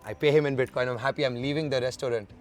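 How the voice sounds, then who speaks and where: A man from India, an interview guest telling travel stories in a lively way and acting out the dialogue. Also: mid-range voice, very fast. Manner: lively storyteller who acts out the dialogue. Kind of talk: storytelling in an interview.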